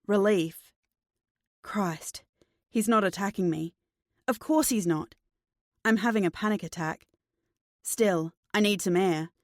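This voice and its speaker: A woman narrating a first-person thriller audiobook in a slow, measured, tense way. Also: medium pitch, no echo, studio quality.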